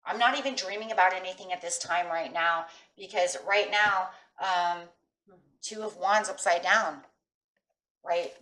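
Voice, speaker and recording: A woman's voice: on the low side, a little slow, sharp tone, far from the mic. A middle-aged woman giving a chatty tarot reading, talking straight to her viewers and checking in with "right?" as she goes. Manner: emphatic, talks straight to viewers with frequent "right?". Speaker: tarot reader. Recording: echoey room, voice off-mic.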